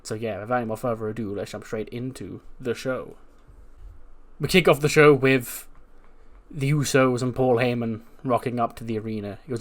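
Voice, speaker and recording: A man's voice: medium pitch, moderate pace. Casual man narrating a wrestling sim game. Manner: casual, chatty, many fillers.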